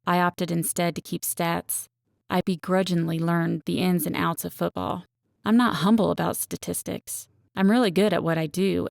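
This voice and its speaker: A woman's voice: lowish voice, vocal fry, no room sound, studio quality. A woman narrating a first-person romance audiobook in a wry, self-aware storytelling manner.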